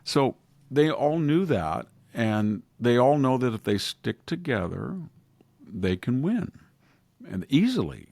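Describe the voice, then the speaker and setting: Older male podcast host, gravelly and low, casual commentary that slips into mock quotes, dry sound. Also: big pitch swings, slow pace, a little mellow, no echo. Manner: acts out quoted voices, chuckles, digressive.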